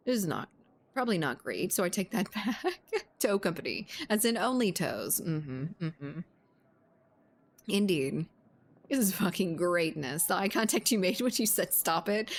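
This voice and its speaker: A woman's voice: on the low side, lively intonation, normal speed. Laughing, swearing woman streamer. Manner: chatty, laughs often, swears freely, reads chat aloud. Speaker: game streamer chatting with viewers. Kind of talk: casual live-stream chat.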